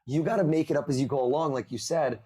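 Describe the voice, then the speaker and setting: A man on a podcast interview, telling lively stories and acting out the people he quotes. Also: a little high, fast talker, slightly rough. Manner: animated storyteller, acts out quoted voices. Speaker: podcast guest, mentalist. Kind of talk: conversational storytelling. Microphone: remote call.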